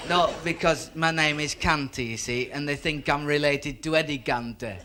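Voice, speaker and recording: A man's voice: a little high, moderate pace, bright, forceful tone, slight background noise. A man doing stand-up with a rambling, self-mocking patter. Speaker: stand-up comedian. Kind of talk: stand-up joke telling. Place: comedy stage with live audience.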